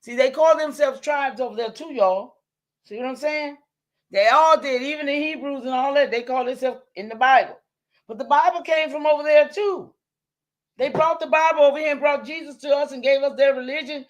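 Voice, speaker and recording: Speaking at a normal speed in a high-pitched voice, a woman hosts a livestream and talks to her viewers head-on. She is forceful and repetitive, swearing when things get heated before apologising.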